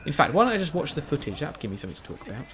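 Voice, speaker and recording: A gaming YouTuber records commentary over a video game late at night, tired and yawning as he rambles and puts himself down. His voice sits a little high, with big pitch swings, a very fast pace and a slightly bright tone. He meanders constantly, restarting sentences and filling gaps with fillers.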